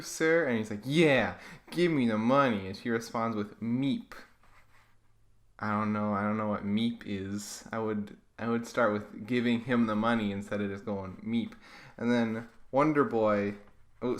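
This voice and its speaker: A man's voice: lowish voice, fairly bright tone. A man giving comedic commentary as he reads his childhood comics, wry and self-mocking with dry asides. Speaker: webcomic creator.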